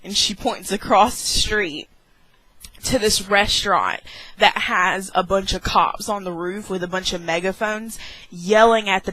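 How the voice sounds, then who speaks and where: A young woman vlogger telling a dramatic story with many "like"s and squeaky acted-out exclamations. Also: fairly bright tone, no room sound, rough recording. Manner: heavy use of "like". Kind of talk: animated storytelling vlog.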